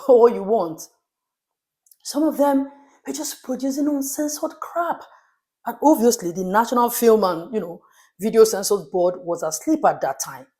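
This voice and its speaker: A woman's voice: a little high, lively intonation, unhurried, mellow. A woman hosting a commentary show, speaking candidly and emphatically, with rhetorical questions. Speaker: host. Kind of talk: opinionated commentary.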